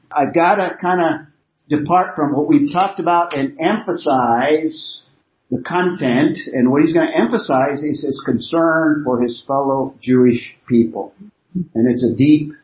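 A man teaching a Bible class, explaining points step by step from an outline on slides. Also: fairly high pitch. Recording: roomy, dull lo-fi classroom recording.

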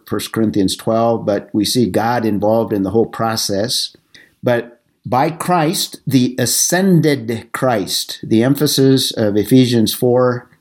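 A middle-aged man teaching a Bible study class, explaining passages in a measured way with some halting restarts. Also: medium pitch, darkish tone.

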